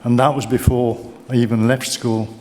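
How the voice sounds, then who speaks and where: A man's voice: mid-range voice, little pitch movement, normal speed, warm tone, slight background noise. An older man with a Brummie accent giving a keynote speech, telling stories and joking with the crowd. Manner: chatty storytelling, joking with the crowd. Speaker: keynote speaker. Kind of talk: anecdotal speech. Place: large awards event hall. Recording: long reverb of a large hall.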